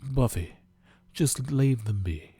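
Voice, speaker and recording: A man's voice: medium pitch, expressive, takes it slowly, warm tone, husky, voice pushed up, heavily acted. A man voicing a stuffy middle-aged British male librarian mentor in a put-on British accent, prim and formal.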